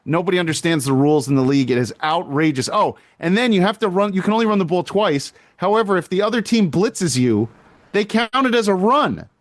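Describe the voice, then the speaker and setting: A man co-hosting a podcast in casual chat, telling stories in an animated way and swearing freely. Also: high-pitched, fairly quick, dry recording, studio quality. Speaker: podcast co-host.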